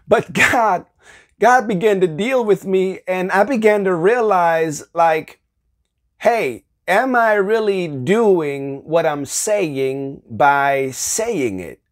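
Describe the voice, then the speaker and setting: Man with a slightly high voice, casual devotional teacher who acts out little scenes. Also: takes it slowly. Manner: animated, acts out everyday dialogue with light laughter. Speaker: Bible teacher.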